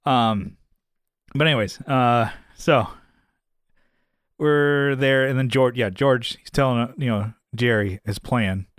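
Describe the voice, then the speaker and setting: Recapping a TV episode as a podcast co-host, this man chats casually, laughing and swearing often and jumping into high-pitched voices when he quotes anyone. He speaks slowly, and the recording is dry with clean studio sound.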